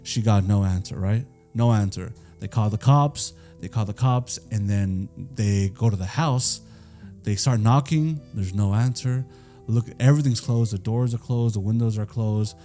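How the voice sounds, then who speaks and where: A man's voice: fairly low pitch, normal speed, warm tone, faint music behind. A young man co-hosting a podcast, retelling a true crime case in loose, profane, casual talk full of fillers. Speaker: podcast co-host.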